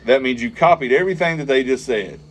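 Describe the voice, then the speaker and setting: Animated crude male co-host. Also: mid-range voice, quick pace. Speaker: podcast co-host. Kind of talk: casual storytelling chat.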